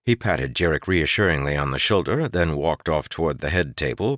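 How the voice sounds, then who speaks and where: Low-voiced male audiobook narrator. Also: a bit bright, no echo, clean studio sound. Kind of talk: scripted narration.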